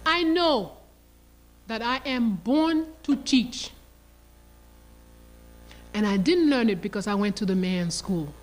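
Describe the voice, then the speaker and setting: An older woman lecturing in an animated, emphatic storytelling style. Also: a little high, slow pace, long pauses. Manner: animated, emphatic, acts out quoted dialogue.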